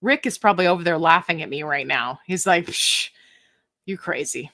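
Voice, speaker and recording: A woman's voice: fairly low pitch, fast talker, fairly bright tone, dry recording. Chatty, playful woman hosting a livestream. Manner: chatty, playful and self-mocking, laughs often. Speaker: livestream host. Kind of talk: casual live Q&A, reading chat comments.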